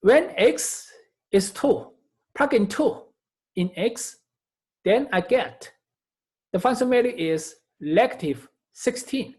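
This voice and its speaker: A man's voice: very high voice, expressive, slow, long pauses, a little mellow. A man teaching a recorded math lecture, working through each step methodically and often repeating or correcting his phrases. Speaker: math instructor.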